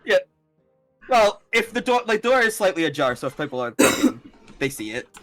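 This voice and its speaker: A young man narrating as game master in a tabletop game, casual and halting, with many fillers and restarts. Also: high voice, very animated, a bit bright, no room sound, soft background music, low-quality recording. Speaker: dungeon master.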